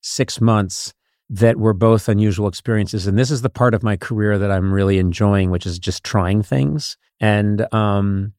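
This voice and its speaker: Halting man in his sixties, low voice. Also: fairly even intonation, darkish tone, no echo, studio quality. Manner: halting, many restarts and fillers. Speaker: podcast host. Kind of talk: casual chat.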